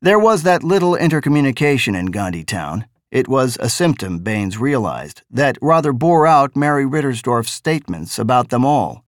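A man narrating a novel with a measured, deliberate delivery. His voice sits in a middle register and sounds dry and close, with no room echo. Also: mid-range voice, sing-song. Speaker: audiobook narrator.

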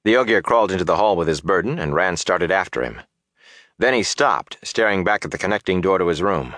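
A man narrating a fantasy audiobook in a steady, measured storytelling voice. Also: low-pitched, no echo, studio quality.

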